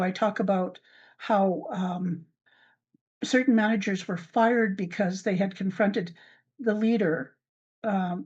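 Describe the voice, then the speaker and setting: An older woman hosting her own podcast, telling a personal account in a halting way with many fillers and restarts. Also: medium pitch, a little mellow. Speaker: podcast host. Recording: dull lo-fi recording.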